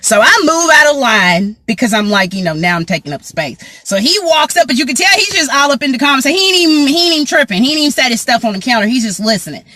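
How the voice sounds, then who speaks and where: A woman vlogger telling a story to her viewers in a casual, slangy, animated way. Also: sits high, quick pace, hardly any pauses, dry recording. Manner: animated, slangy, talks straight to the audience.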